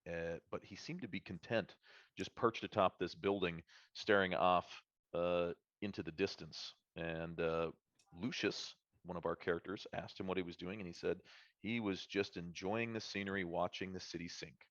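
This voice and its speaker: A man narrating as dungeon master of a tabletop game on a live stream, halting and full of uh and um fillers. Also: low voice, steady tone, fairly bright tone, no room sound, muffled recording.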